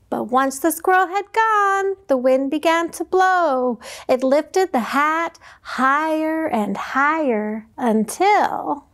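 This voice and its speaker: A woman librarian reads a picture book aloud to young children in a very high, sweet voice. She goes slowly and animatedly and keeps asking her young listeners questions. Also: fairly bright tone.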